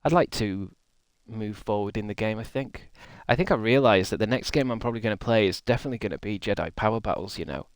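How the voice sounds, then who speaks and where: Casual male streamer, lowish voice, dry close sound, chatty and rambling. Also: fast talker, no room sound. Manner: rambling, chatty, reads and answers chat. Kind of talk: casual live-stream chat.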